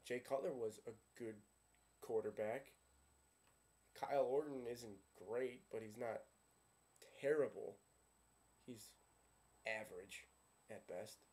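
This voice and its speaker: A man's voice: medium pitch, dark tone. A man giving a sarcastic, ranting fan preview of a football game, firing off questions and answering them himself. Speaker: sports vlogger. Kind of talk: casual fan rant.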